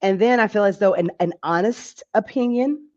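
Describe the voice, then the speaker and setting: A woman doctor talks casually as a guest, lively and at ease, slipping into the voices of patients to make her points. Her voice is at a middle pitch. The recording is slightly dull and muffled. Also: moderate pace. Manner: animated, acts out patients' voices. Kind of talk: casual interview talk.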